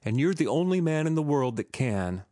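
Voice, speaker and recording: A man voicing a devoted, defiant young working-class woman who pleads softly and earnestly in an audiobook. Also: mid-range voice, expressive, a little slow, no echo, studio quality, natural voice.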